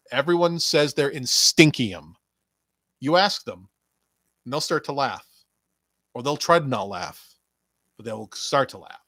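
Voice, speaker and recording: A podcast host with a mid-range, slightly bright voice rambles through profane wrestling commentary, ranting sarcastically with many stumbling restarts. There is no echo on the recording.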